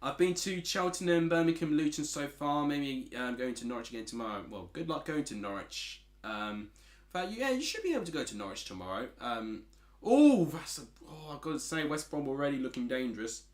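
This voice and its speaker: Chatty Essex man with a lively voice. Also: on the high side, fairly quick, roomy sound. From Essex, England. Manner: chatty, reads out chat messages. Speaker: streamer. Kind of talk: casual football watchalong commentary.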